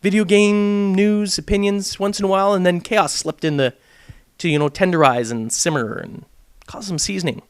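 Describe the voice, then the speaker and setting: A young man hosts a gaming vlog, ranting to camera in a brash, provocative, jokey manner and mocking others in quoted voices. His voice sits high, he speaks at a moderate pace, and there is slight background noise.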